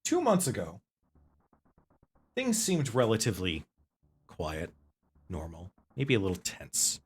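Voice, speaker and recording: A man narrating as game master of a tabletop game, with lively, vivid descriptions. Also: on the low side, slow, slight background noise.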